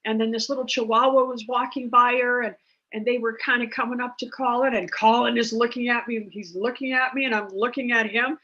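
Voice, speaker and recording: A woman's voice: on the high side, steady tone, a little fast, fairly bright tone. A woman, telling a rambling story about rescuing dogs in a chatty, casual way with many fillers. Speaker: dog rescue founder, guest. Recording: dull lo-fi sound.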